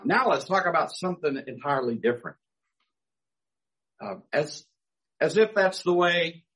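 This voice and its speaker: A man's voice: a little high, poor audio. A man preaching a sermon as pastor, talking conversationally with dry humor.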